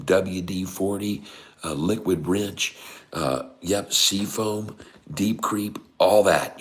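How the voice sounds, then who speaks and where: A middle-aged man giving excited, folksy live commentary on trading charts, full of exclamations and constant asides to his viewers. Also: sits low, gravelly. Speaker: day-trading streamer.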